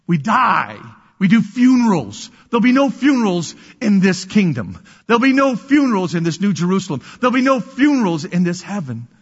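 High-voiced man preaching in a hall. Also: sing-song, brisk, slightly rough, highs cut off. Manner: dramatic swings from loud to hushed whispers; repeats words and restarts phrases. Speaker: pastor. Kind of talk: sermon.

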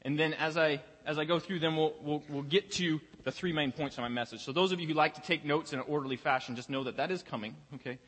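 The young pastor's slightly high, fairly bright voice moves fast with hardly any pauses as he preaches conversationally. Words get repeated as he locates his place, all under the long reverb of a large church hall.

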